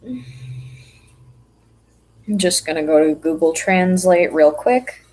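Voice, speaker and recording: A woman's voice: fairly low pitch, animated, slow, a little mellow, a little hiss or hum, poor audio. A woman from the United States chatting casually on a livestream while she draws, rambling and poking fun at herself. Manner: chatty, rambling, self-mocking. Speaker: streamer.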